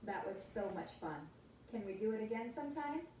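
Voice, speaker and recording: A woman's synthetic voice reading the lines of a cheerful young girl hedgehog in a storybook, in a smooth, evenly paced read. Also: mid-range voice, lively intonation, normal speed, dark tone, distant mic, slight background noise, close to an everyday voice. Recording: echoey room, smart speaker heard from afar.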